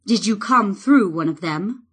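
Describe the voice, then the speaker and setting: A woman reading a calm young king. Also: medium pitch, unhurried, breathy edge. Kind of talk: audiobook reading.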